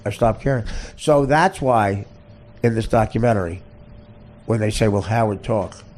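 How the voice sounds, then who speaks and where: A man hosting a podcast, launching into a profane comedic rant that swings between loud shouted bursts and low muttering, with stammered restarts. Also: moderate pace, slight background noise. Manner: heavy cursing, repeats and stammers. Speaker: podcast host.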